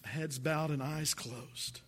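A man's voice: on the high side, fairly even intonation, slow, fairly bright tone, a little hiss or hum. A man preaching a sermon as pastor, earnest and full of rhetorical questions.

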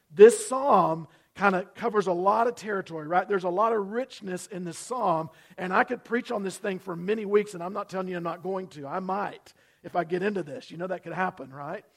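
A male pastor preaching a sermon in a church, repeating key phrases with emphasis and slowing down on them. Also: high-pitched. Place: church sanctuary.

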